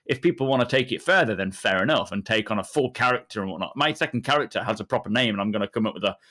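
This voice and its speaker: A man's voice: fairly low pitch, expressive, racing, fairly bright tone. A man co-hosting a podcast, telling stories in a rambling, self-deprecating way during casual chat.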